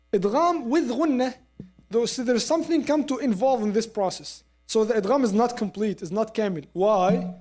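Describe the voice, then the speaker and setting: A woman teaching Quran recitation in a lesson, explaining step by step and modelling the sounds slowly with repeats. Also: fairly high pitch, warm tone. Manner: explains step by step, asks listeners to agree. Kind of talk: classroom lesson.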